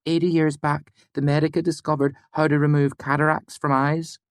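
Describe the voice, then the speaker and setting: A man's voice: on the high side, little pitch movement, moderate pace, no room sound, clean studio sound, voice pushed up, natural voice. A man voicing an earnest young woman student who insists on finishing her point, in an audiobook.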